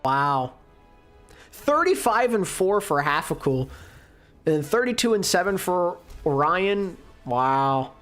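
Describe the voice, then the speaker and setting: A woman co-streaming an esports match, reacting excitedly to big plays with casual internet slang. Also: on the low side, takes it slowly, faint music behind. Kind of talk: live esports co-stream commentary.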